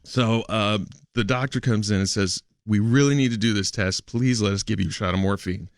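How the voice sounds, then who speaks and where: A man on a radio show telling a personal story in a halting, hesitant way, laughing often between words. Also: lowish voice, no room sound. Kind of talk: emotional radio studio talk. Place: radio studio.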